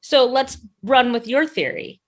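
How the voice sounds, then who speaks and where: A woman's voice: fairly high pitch, a bit bright. A woman co-hosting a podcast in casual chat, playful and teasing as she trades theories. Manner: playful, quick to laugh, teasing. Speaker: podcast co-host.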